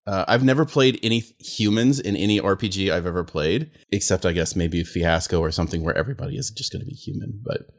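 A man, the storyteller of a tabletop podcast, talking in a relaxed, rambling way, with many fillers. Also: low-pitched, quick pace, hardly any pauses. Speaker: storyteller and game master of a podcast. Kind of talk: casual podcast chat.

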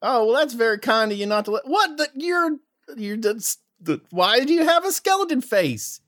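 A woman's voice: a little high, very animated, fairly bright tone, pitched above the performer's own voice. A woman voicing a brash, nosy male kitsune scout with a Southern accent, firing off questions in a tabletop game. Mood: incredulous. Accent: American Southern. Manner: blustery, rapid-fire questioning.

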